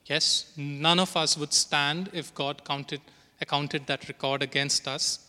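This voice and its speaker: A man's voice: a little high, steady tone, slow pace, pushed and bright. A man preaching a sermon, earnestly reading scripture aloud with emphasis. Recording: long hall reverb.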